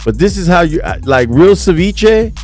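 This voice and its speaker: Give me a young man vlogging about a trip, loose and excitable, with faint music behind him. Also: high voice, normal speed. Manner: slangy and excitable, whoops loudly; swears casually, many fillers. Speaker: vlogger describing a food trip. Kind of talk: casual chat over photos. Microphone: studio mic.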